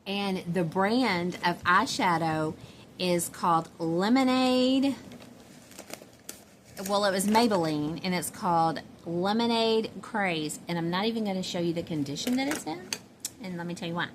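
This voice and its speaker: A woman's voice: lowish voice, normal speed, slight background noise. A middle-aged woman with a Southern US accent, chatting casually to camera in a rambling, giggly way with lots of fillers. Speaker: doll collector vlogger.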